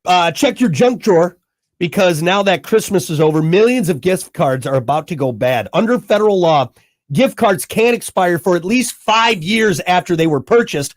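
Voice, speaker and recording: A man's voice: high-pitched, animated, normal speed. A man hosting a radio show, reading news items and bantering with a jokey, rambling manner. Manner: jokey, rambling, slips into mock macho rants.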